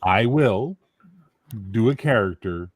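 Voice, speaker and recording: A man's voice: fairly low pitch, lively intonation, slow, no echo. Teasing man in casual chat, dry sound. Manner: joking, teasing.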